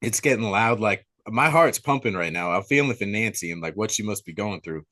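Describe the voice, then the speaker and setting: A young man hosting a podcast, retelling a movie plot in casual, excitable, slangy chat. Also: lowish voice, fairly quick. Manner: excitable storyteller, slangy, says dude a lot. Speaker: podcast host.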